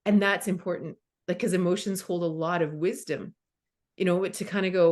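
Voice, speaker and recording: A woman's voice: on the low side, steady tone, normal speed, a little mellow. A middle-aged woman in a casual conversation as a guest teacher, talking with emphasis and acting out inner voices.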